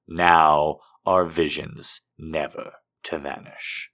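Very deep-voiced man, slow theatrical reading. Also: a bit bright. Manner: slow, theatrical, booming recitation; flirty, joking banter. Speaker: host reading poems and taking fan calls. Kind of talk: comedic live show with dramatic poetry reading.

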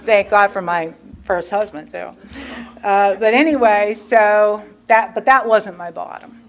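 A woman's voice: mid-range voice, unhurried. A middle-aged woman candidly telling her own recovery story, acting out her past self in quoted asides. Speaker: guest speaker sharing recovery story. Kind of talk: personal storytelling at a recovery meeting.

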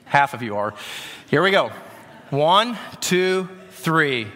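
A middle-aged male pastor preaching in a loose, conversational way, doubling back on his words. His voice sits a little high and sounds bright. The sound rings with the long reverb of a church hall. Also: sing-song, slow pace. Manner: conversational, often repeating words. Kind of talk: sermon. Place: church sanctuary.

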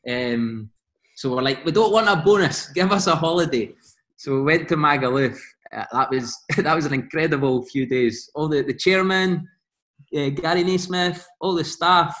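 A man with a Scottish accent telling animated stories as a podcast guest, laughing often and quoting teammates. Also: on the high side, reverberant. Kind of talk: casual storytelling.

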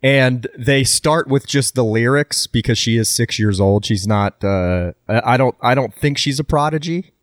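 Guy with a dry deadpan sense of humor on a podcast, mid pitch, dry recording. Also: moderate pace, few pauses, dry recording. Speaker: podcast co-host. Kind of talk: casual chat.

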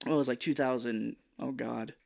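Podcast co-host, male, average pitch, jokey and loose while recapping a movie. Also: fairly even intonation, moderate pace, creaky, a little mellow. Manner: jokey, acts out characters' lines. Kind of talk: casual chat, retelling a film scene by scene.

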